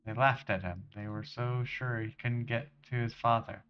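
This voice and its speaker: A man voicing a nervous young woman who leads a gang, reading her lines haltingly in his own voice. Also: medium pitch, fairly even intonation, dull audio, slight background noise, close to an everyday voice. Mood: grieving.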